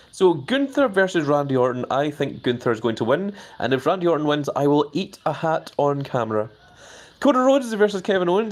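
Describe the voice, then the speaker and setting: A man hosting a live stream. He chats casually, fills his talk with hedges, and his pitch jumps up whenever he reads out viewer comments. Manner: hedging with many fillers.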